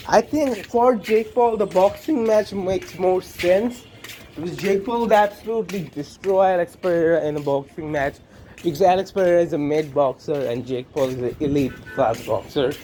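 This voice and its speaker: High-voiced guy ranting about fights, blunt and sweary, faint noise in the background. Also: a little mellow. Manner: blunt, profane, repetitive. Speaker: combat sports commentator. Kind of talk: casual opinion monologue.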